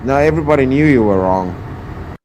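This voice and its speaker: A man streaming reaction commentary, exasperated and loud, repeating himself and swearing often. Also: mid-range voice, lively intonation, moderate pace, slight background noise.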